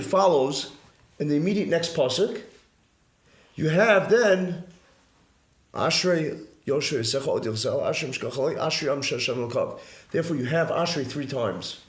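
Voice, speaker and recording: A rabbi teaches a live class in an indoor room, explaining earnestly and emphatically and repeating key phrases in a religious study lecture. His voice is fairly high-pitched with a fairly bright tone, and the room sounds echoey.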